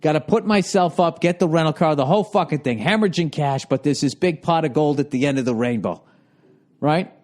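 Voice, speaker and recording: A man's voice: fairly high pitch, brisk, a little mellow. A man in his forties telling an exasperated, heavily profane comic story, his voice jumping up when riled. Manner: exasperated, swears constantly, voice jumps up when riled. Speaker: comedian.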